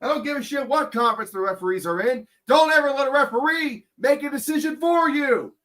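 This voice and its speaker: A very high-pitched, fairly bright voice moves a little fast as this man calls a football game on a livestream. He curses and rants bluntly, scolding the players between plays.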